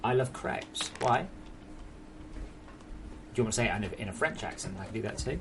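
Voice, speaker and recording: A man's voice: fairly low pitch, expressive, a little fast, noisy background. A young English man chatting casually while streaming a game at home, joking and swearing freely. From England. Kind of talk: casual live-stream chat.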